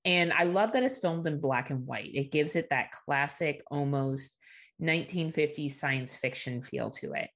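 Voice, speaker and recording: A woman's voice: low-pitched, moderate pace, fairly bright tone. A woman co-hosting a podcast in casual chat, agreeable and thoughtful as she builds her point about a film. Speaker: podcast co-host.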